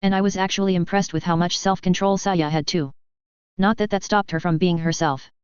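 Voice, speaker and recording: A woman narrating a first-person fan fiction story in a steady, even reading. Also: fairly low pitch, brisk, clean tone, no room sound. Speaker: story reader. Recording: dull lo-fi audio.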